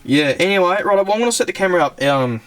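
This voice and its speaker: A man's voice: high voice, animated, quick pace, fairly bright tone. A young Australian man, a car channel host, chatting casually and rambling as he shows off a classic car, filming from inside it on a handheld camera. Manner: rambling and chatty, loses words, laughs often. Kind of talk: casual car walkaround vlog. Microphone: handheld camera mic.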